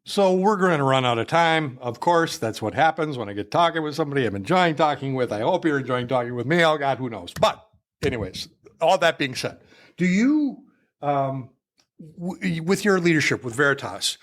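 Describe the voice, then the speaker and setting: A man's voice: on the high side, animated, moderate pace. A man hosting an interview podcast, talking in a rambling, self-deprecating way full of restarts. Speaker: podcast host. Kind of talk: conversational interview.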